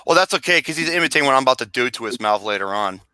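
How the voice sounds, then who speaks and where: A man's voice: mid-range voice, expressive, racing, bright, forceful tone, dry recording. A man co-hosting a casual podcast, teasing the others with crude jokes. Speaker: podcast co-host. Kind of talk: casual group banter.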